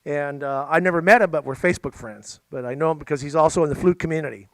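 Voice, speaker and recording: A middle-aged man spins a casual, jokey story for a library crowd, full of playful asides. His voice sits a little high. The sound is dry and close, with little room in it. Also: quick pace, no room sound. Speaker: musician and storyteller.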